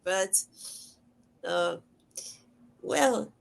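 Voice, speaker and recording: A woman's voice: mid-range voice, animated, very slow, creaky. A woman in her thirties hosting a podcast interview, speaking hesitantly with many fillers. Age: 30s. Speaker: podcast host. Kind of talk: casual interview.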